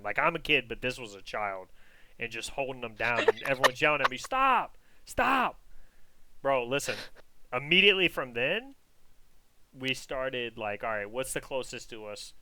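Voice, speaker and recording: A man bantering on a podcast, brash, profane and quick to interrupt. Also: medium pitch, sharp tone, dry recording. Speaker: podcast co-host. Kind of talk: casual banter.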